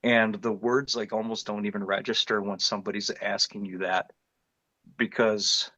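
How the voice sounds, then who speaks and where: Poor audio without echo captures a middle-aged man from northeast Ohio telling his story as an interview guest. His lowish voice sounds pushed and bright, with a level tone and moderate pace, as he earnestly and vividly recounts a frightening encounter, often restarting phrases.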